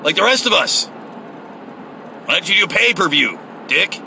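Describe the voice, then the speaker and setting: A man's voice: high-pitched, big pitch swings, normal speed, vocal fry, sharp tone, a little hiss or hum, rough recording. A man giving a heated, profane, sarcastic political rant, recorded in a car. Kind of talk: ranting political monologue.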